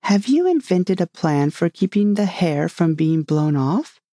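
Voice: medium pitch, sing-song, unhurried, warm tone, no echo, clean studio sound. A storybook reader voicing a polite, curious young girl who asks earnest questions in a raised voice.

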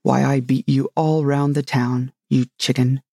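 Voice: medium pitch, flat delivery, a little slow, vocal fry, darkish tone, no room sound, clean studio sound. A narrator voicing a tired, sleepy male lion in a storybook reading, lazy and growling. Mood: weary.

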